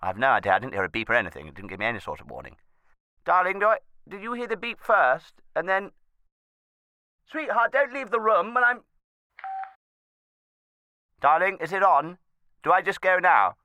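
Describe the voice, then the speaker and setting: A man's voice: sits high, sing-song, normal speed, long pauses, bright, forceful tone, dry recording, highs cut off, full character voice. A man playing a flustered old judge. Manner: rambling, fussy and hesitant, with many false starts. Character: flustered posh retired male judge in his seventies. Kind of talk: comic phone message monologue.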